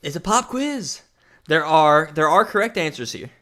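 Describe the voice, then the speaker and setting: A man co-hosting a podcast in casual banter, playful and quick to laugh. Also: a little high. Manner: animated, laughs easily, playful. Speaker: podcast co-host.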